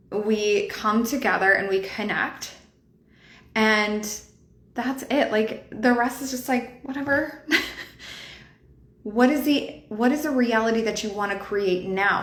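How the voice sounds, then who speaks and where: A woman in her thirties talks in a casual, earnest way, often saying "like" and laughing lightly. Her voice sits at an ordinary pitch for a woman. The recording has a noticeable roomy echo. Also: fairly bright tone. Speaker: podcast host. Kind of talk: spiritual coaching podcast.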